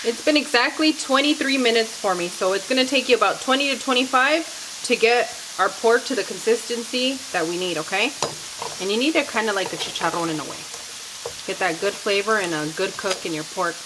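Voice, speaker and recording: A woman's voice: a little high, a little fast, noisy background. Giggly woman hosting a kitchen cooking demo. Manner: chatty, giggly, addresses viewers as friends. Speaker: cooking show host. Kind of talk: casual cooking demonstration. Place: home kitchen with frying food.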